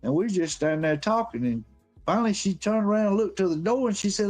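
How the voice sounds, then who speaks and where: A high-voiced man with a drawl spins a rambling yarn full of profanity. His delivery is animated and casual, with faint music playing behind him. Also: fast. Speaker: guest on a live stream. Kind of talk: casual storytelling.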